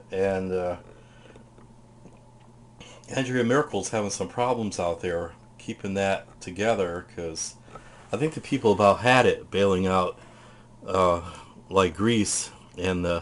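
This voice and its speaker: A man casually showing off his purchases, talking in a chatty, rambling way. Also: lowish voice. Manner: chatty, rambling, tells stories; eats while talking.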